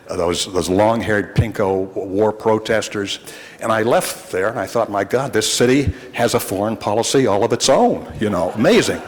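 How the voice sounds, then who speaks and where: A man's voice: on the low side, long reverb tail. A man in his sixties, a longtime reporter, telling rambling, wry anecdotes to a city council in a large chamber. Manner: rambling, wry, with frequent restarts. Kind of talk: anecdotal storytelling.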